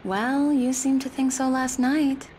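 A coy, teasing young wife , played by a man in falsetto for a fan dub of a video game. The voice sits high and a little soft, with light playful lilts. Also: flat delivery, a little slow, slight background noise. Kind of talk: fan dub over gameplay.

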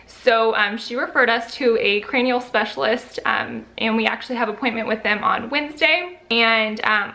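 A woman's voice: on the high side, pushed and bright. A young woman and first-time mom chatting casually to her vlog audience, full of fillers, at times emotional. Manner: chatty, lots of fillers, gets emotional and teary. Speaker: vlogger.

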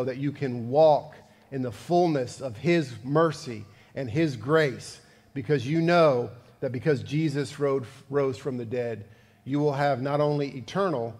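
A man's voice: medium pitch, darkish tone, in a large hall. A male pastor giving a sermon, conversational and building to fervent emphasis. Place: church sanctuary.

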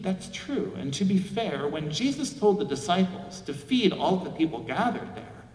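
A male pastor preaching a sermon, reflective, with rhetorical questions. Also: a little high. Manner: reflective, asks rhetorical questions, acts out quoted voices. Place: large church sanctuary. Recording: echoey church hall from far off.

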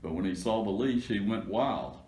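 A man's voice: fairly low pitch, expressive, normal speed, a little mellow, close to an everyday voice. A man voicing a bossy, teasing little sister in a plain storybook reading. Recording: echoey room.

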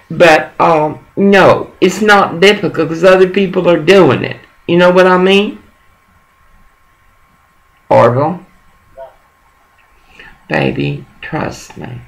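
A man's voice: a little high, creaky, a bit bright. A middle-aged man on a one-sided phone call, rambling, coaxing and profane. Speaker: caller.

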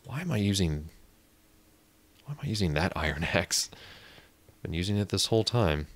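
A man's voice: low-pitched, lively intonation, normal speed. A young man from Indiana, chatting and rambling as he plays a video game, easily startled. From Indiana, USA. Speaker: gaming YouTuber. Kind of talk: casual gameplay commentary.

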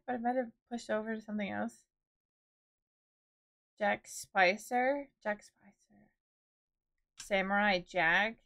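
A woman's voice: mid-range voice, fairly bright tone. A woman in her twenties, chatting casually with her viewers on a live stream. She rambles as she talks, with lots of "like" and "dude".

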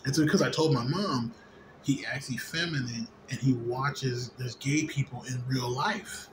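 A man's voice: medium pitch, normal speed. A slightly drunk man in a rambling, profane late-night monologue, full of fillers and restarts. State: a little drunk. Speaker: vlogger. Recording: noisy ambience behind voice.

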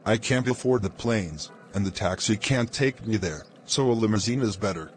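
A man's voice: fairly low pitch, normal speed, very noisy, lightly acted. A man voicing Red Dinosaur, a mischievous young dinosaur who whines and schemes. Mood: scheming. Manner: whiny, scheming.

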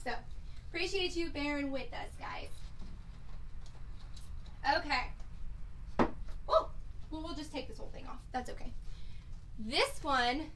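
A woman's voice: high voice, wildly swooping pitch, measured pace, pauses often, noisy background. A young woman, hosting a live jewelry sales video in a chatty, laid-back way with lots of fillers. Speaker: online boutique host selling jewelry.

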